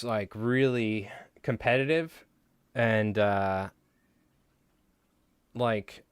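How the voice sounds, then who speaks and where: A man's voice: lowish voice, no room sound. Rambling young man telling stories, dry sound. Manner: rambling storyteller, heavy with filler words and swearing. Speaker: livestream host. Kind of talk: casual chat while tying flies on a live stream.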